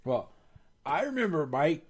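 A man's voice: fairly high pitch, a little slow, husky. A young man hosting a podcast, chatting casually and laughing often as he tells family stories. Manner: laughs often, lively storytelling. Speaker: podcast host.

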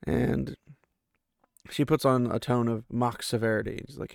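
A man's voice: medium pitch, fairly even intonation, a little slow, gravelly, long pauses, dry recording, studio quality. A male podcast host giving a casual, rambling recap of a book chapter, full of fillers and asides. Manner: rambling and chatty, with many fillers.

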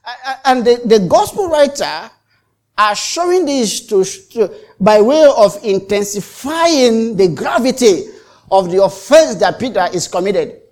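Speaking at a measured pace, a pastor preaches in an animated, medium-pitched voice with a darkish tone. His delivery is dramatic: phrases get repeated and restarted for emphasis, and he acts out the exchanges in his stories.

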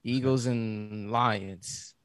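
A man's voice: on the low side, fairly even intonation, drawn-out words, smooth, dry recording. Laid-back man in a dry room. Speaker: podcast host running the picks. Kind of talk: casual chat.

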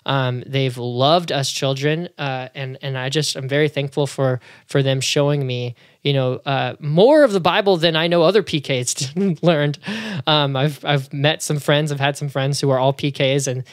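A man's voice: medium pitch, steady tone, normal speed, hardly any pauses, dry recording. Chatty man with a dry close sound. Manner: rambling, many fillers and restarts. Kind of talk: casual conversational testimony.

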